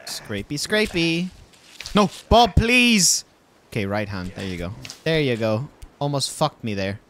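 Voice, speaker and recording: Exasperated swearing gamer, pitch swinging wildly. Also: male voice, big pitch swings, unhurried, fairly bright tone. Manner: exasperated, swearing, pleading with his game character. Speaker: gaming video host. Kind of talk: casual let's-play commentary.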